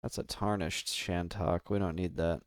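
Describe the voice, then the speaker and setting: A man's voice: sits low, fairly even intonation, normal speed, clear, resonant tone, no echo, clean studio sound. An American man livestreaming a game, chatting casually and rambling with his viewers, laughing often. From United States. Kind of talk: casual gaming stream chat.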